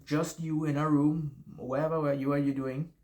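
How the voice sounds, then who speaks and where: A man's voice: on the high side, little pitch movement, moderate pace, darkish tone. Male YouTuber, noticeable accent, casual rambling advice monologue with frequent restarts and swearing. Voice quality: noticeable non-native accent. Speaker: YouTuber giving life advice.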